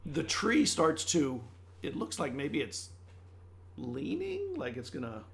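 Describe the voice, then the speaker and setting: A man's voice: a little high, huge pitch swings, slow pace, fairly bright tone. A man narrating a tabletop game as game master, with loose, searching description and many restarts. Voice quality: gravelly. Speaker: dungeon master.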